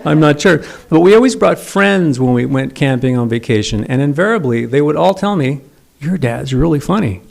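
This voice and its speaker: A man's voice: a little high, expressive, fairly quick, gravelly, hardly any pauses, a little mellow. A middle-aged man giving a eulogy for his father, telling wry, self-deprecating stories at a memorial service. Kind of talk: memorial eulogy with humorous anecdotes.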